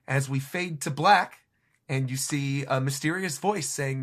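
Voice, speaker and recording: A man co-hosting a podcast, casually recapping a comic chapter in a lively way with quick laughs. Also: medium pitch. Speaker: podcast co-host.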